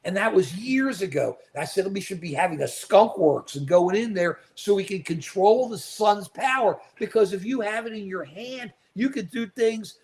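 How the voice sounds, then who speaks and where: A man's voice: sits high, animated, normal speed, hardly any pauses, darkish tone. A man from the United States hosting a political talk show. He gives opinionated live commentary, reacts to viewer comments, and talks in an indignant, emphatic way, repeating himself.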